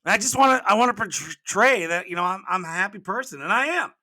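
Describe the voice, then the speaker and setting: Older male podcast host, bright and forceful, folksy and rambling, dry close sound. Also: high-pitched, lively intonation, fast talker, dry recording. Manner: rambling, folksy, repeats words when restarting. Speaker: podcast host and business coach. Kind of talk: casual solo podcast storytelling.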